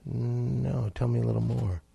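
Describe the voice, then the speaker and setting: Brief: sleazy mechanic, evasive, husky and dry, played by a man. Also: medium pitch, steady tone, measured pace, mellow, dry recording, exaggerated voice. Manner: evasive, playing dumb. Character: shifty male car mechanic, evasive.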